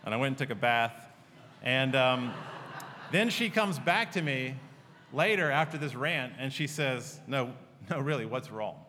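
A man's voice: medium pitch, animated, measured pace, pushed and bright, a little hiss or hum. A man preaching a sermon as pastor in a church, earnest and conversational, telling personal stories. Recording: long reverb of a large hall.

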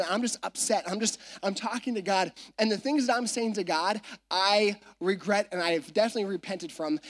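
Pastor preaching on stage into a mic, chatty story style, keeps asking the crowd right?. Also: mid-range voice. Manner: conversational storytelling with frequent asides to the audience. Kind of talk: sermon. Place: church stage.

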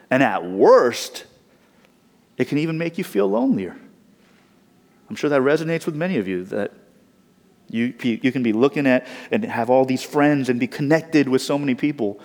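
A young man from Southern California preaching a sermon in a conversational, personal way, with rhetorical asides to the congregation. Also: medium pitch. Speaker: pastor. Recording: long hall reverb.

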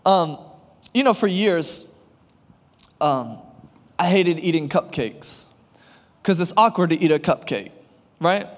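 A man preaching a sermon, telling playful everyday stories with mock surprise and animated delivery. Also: fairly high pitch, slow, long pauses, long reverb tail, highs cut off. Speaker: pastor.

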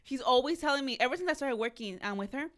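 A young adult woman co-hosting a casual podcast chat, telling animated stories and acting out what her family says. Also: high voice, fast, a loud crowd. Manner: animated storyteller who acts out family quotes. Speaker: podcast co-host.

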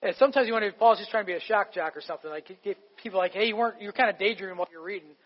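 A man's voice: sits high, racing, long reverb tail, dull audio. A man preaching a sermon as a pastor, emphatic and conversational, asking the congregation rhetorical questions.

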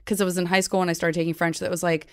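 A woman's voice: on the low side, level tone, rapid-fire. A woman from Tucson hosting a podcast, chatty and playful, acting out quoted voices in casual conversation. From Tucson, USA. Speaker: podcast host.

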